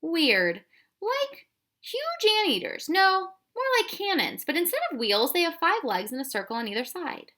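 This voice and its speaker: A woman voicing an eager young boy who calls out loudly and excitedly. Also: extremely high pitch, normal speed, pitched above the performer's own voice, full character voice. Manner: loud and excited.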